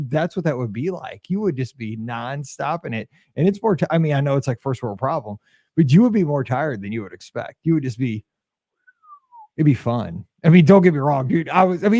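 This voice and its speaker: A middle-aged man co-hosting a podcast, telling an animated story and acting out the quotes in casual chat. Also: on the high side, dry recording, studio quality. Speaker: podcast co-host.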